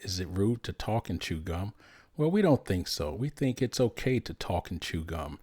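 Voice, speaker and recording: A man hosting a podcast interview, friendly and a little halting, with frequent restarts. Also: low-pitched, sing-song, darkish tone, dry recording, studio quality. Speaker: podcast host.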